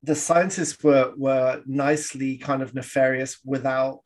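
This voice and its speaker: A man of medium pitch speaks flatly and without hurry as he co-hosts a podcast. He and his company chat loosely about old films, and he laughs a lot and acts out the lines he quotes.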